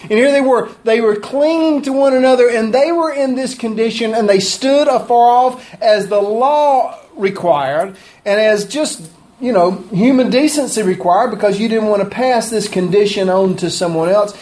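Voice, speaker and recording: A man's voice: extremely high pitch, moderate pace, darkish tone. A man preaching a sermon, reading scripture and explaining it earnestly with emphasis.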